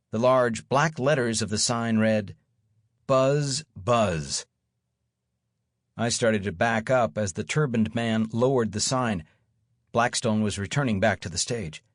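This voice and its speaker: A man's voice: mid-range voice, no room sound. Man, wry dry audiobook narration. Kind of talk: first-person audiobook narration.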